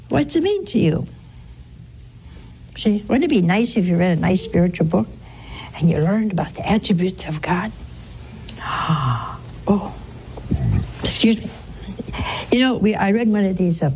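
Gravelly-voiced nun telling a spiritual story. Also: female voice, mid-range voice, measured pace, pauses often, slight background noise. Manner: animated storytelling with hushed whispered asides. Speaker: religious sister giving a spiritual talk.

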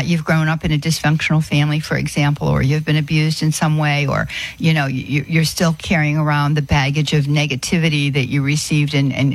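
A man giving an earnest Christian talk on inner healing, halting often with fillers and restarts. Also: a little high, dry recording. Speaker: Christian speaker.

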